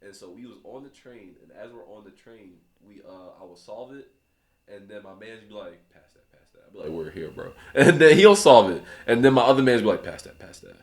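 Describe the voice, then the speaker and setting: Animated young man telling a story. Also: mid-range voice, brisk. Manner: laughs often, acts out voices in anecdotes. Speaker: rapper guest.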